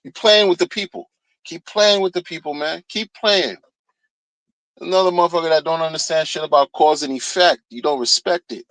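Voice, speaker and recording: Man, high-pitched, heated mocking rant, repetitive, dry sound. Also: moderate pace, fairly bright tone, no room sound, rough recording. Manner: heated, mocking, repeats phrases. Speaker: streamer ranting commentary. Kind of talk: casual rant.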